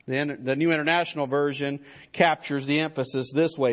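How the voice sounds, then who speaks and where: A man's voice: fairly high pitch, steady tone, a little fast. A man preaching a sermon as pastor, in an emphatic style that builds to stressed declarations.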